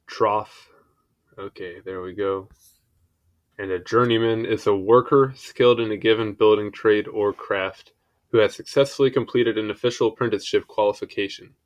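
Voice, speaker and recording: Young man, lowish voice, informal read-aloud, self-deprecating asides, fumbles pronunciations. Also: lo-fi sound. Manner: stumbles over foreign words, apologetic asides. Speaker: reader of encyclopedia articles. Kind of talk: casual reading aloud with asides.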